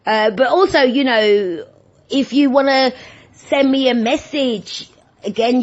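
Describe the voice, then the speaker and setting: A woman vlogger telling everyday stories in a rambling, animated, self-deprecating chat. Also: a little high. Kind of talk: casual chatty monologue. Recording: dull lo-fi sound.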